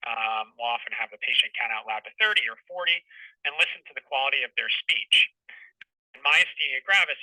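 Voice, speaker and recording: Man lecturing, very bright sharp tone. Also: mid-range voice, no echo, far from the mic, poor audio. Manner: patient, explanatory teaching tone. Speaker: clinician lecturer. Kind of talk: medical webinar lecture.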